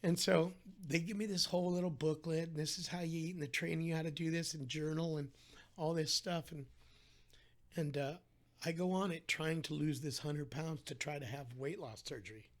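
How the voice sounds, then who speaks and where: A middle-aged man, a podcast guest, telling his story in a casual interview in an animated way and acting out the voices of the people in it. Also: on the high side, normal speed.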